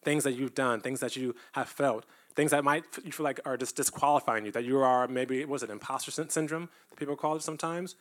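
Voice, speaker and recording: A man's voice: medium pitch, steady tone, brisk, few pauses, fairly bright tone. A man giving a testimony-style sermon to a church, talking earnestly and conversationally and at times building up to emphatic preaching. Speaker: church speaker.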